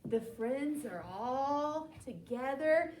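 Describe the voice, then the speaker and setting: A young adult woman teacher reading a picture book aloud to children in an animated, expressive way, with asides to them. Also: sits high, very slow. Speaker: teacher leading a language group. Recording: echoey room with faint background hum.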